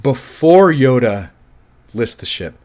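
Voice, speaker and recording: A man's voice: mid-range voice, sing-song, slow pace, darkish tone. A man giving a casual, rambling film review, thinking aloud and often restarting his sentences.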